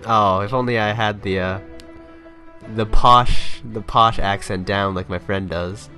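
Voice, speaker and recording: A man's voice: fairly low pitch, a little slow, long pauses, bright, forceful tone, soft background music. A young man giving casual let's play commentary. He jokes, laughs often and reads game text aloud.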